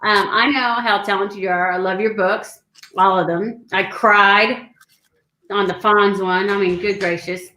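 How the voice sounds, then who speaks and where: A woman's voice: mid-range voice, fairly even intonation, measured pace, echoey room. A woman, an author guest on a podcast, chatting casually and encouraging the host. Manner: warmly supportive, laughs along. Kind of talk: casual chat.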